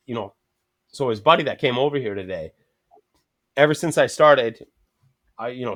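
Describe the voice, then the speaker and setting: Guest: fast-paced man, casual and profane, acts out every voice in his stories. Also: mid-range voice. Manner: profane, rambling anecdotes with quoted dialogue. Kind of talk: casual storytelling chat.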